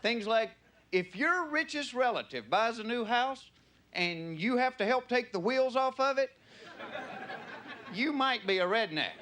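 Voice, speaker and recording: A stand-up comedian from the Southern United States performs on a comedy club stage, drawling through stories and slipping into character voices. His voice is extremely high with lively intonation, and he speaks a little slowly. The live club audio carries crowd noise and a laughing audience.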